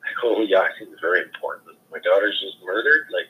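A man's voice: sits low, lively intonation, fast talker. A middle-aged father telling a personal account in a subdued, plain, matter-of-fact way. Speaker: bereaved father. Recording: dull lo-fi recording.

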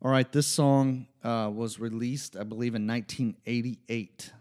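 A man's voice: medium pitch, fairly even intonation, unhurried, darkish tone. A man co-hosting a podcast, making dry, wry jokes in casual banter. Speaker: co-host.

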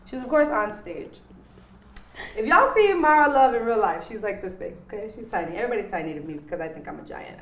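A woman hosts a casual interview with a lively, playful energy and frequent laughs. Her voice sits a bit high. The room around her is noticeably echoey. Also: brisk. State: married. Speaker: host.

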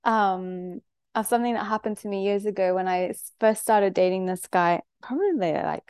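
A woman hosting a podcast, talking in an animated, candid way and not shy of blunt words. Her voice sits in a middle register and sounds close and dry, with no room echo. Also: medium pitch, normal speed, clear, resonant tone. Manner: animated, candid storytelling with frank language. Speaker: podcast host. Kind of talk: conversational podcast interview.

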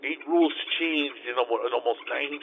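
A man in a comedy monologue, gruff and profane, arguing, swinging from yelling to muttering. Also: mid-range voice, fast talker. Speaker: comedy character monologue, a self-styled lawyer driving. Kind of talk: improvised comic monologue. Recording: tinny phone-like sound with light noise.

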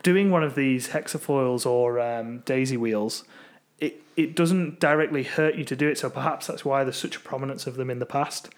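A man's voice: mid-range voice, moderate pace. A man from Britain co-hosting a podcast, talking things over in a thoughtful, casual way. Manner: thoughtful, musing, with fillers. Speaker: podcast co-host. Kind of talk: casual chat.

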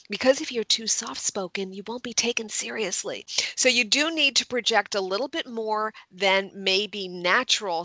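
A woman with a bright, forceful voice explains workplace tactics with emphatic confidence. The recording is close and dry, with no room sound around her. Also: medium pitch, no room sound. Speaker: communication coach. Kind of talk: advice in a radio-style interview.

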